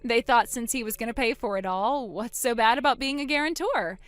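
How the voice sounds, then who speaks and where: A woman voicing a wronged older sister in a dramatized text-message story, speaking quietly and deliberately. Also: on the high side, dry recording, faint music behind, natural voice. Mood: cold.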